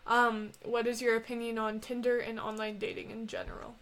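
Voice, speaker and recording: A woman's voice: a little high, wildly swooping pitch, fairly quick, creaky, fairly bright tone. A young woman co-hosting a podcast in casual chat, giggly and a little hesitant. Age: young adult. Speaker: podcast co-host.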